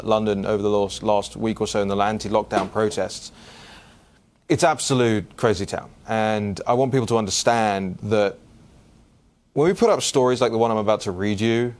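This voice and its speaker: A young adult man hosting a political commentary show, answering listener questions in a casual, animated way, often restarting and repeating words. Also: lowish voice, fairly quick.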